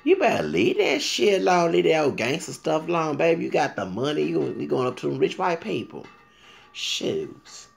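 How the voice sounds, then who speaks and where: Gravelly, animated ranting man. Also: fairly quick, hardly any pauses, soft background music. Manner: animated, swinging between loud outbursts and low muttering; addresses viewers directly, repeats himself. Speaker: vlogger. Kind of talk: ranting commentary to viewers.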